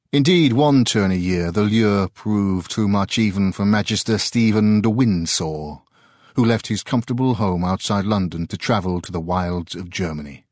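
A man narrating a short story in an expressive storytelling manner. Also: lowish voice, no echo, clean studio sound. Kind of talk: scripted narration.

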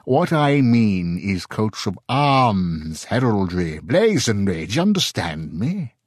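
A loud, haughty English scholar past fifty, stout and sharp-tongued, as a man reads him. His tone is exasperated, and the recording is dry and close. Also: lowish voice, very animated, slow, no echo, full character voice.

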